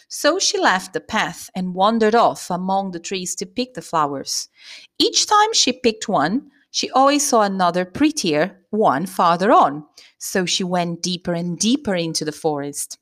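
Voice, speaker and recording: Woman reading a fairy tale, animated. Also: on the low side, measured pace. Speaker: storyteller. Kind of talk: fairy tale read-aloud.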